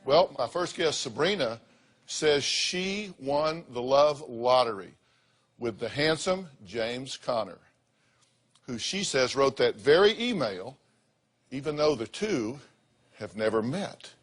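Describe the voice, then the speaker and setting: Sixties male TV host, husky, folksy and emphatic. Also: mid-range voice, animated, slow. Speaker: talk show host. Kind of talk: talk show presenting. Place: TV studio.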